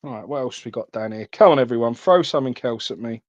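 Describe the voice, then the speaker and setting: A man's voice: mid-range voice, fast, no echo, muffled recording. Chatty man hosting a card stream. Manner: chatty, calls viewers mate. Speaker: card breaking live stream host. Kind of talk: casual live stream chat.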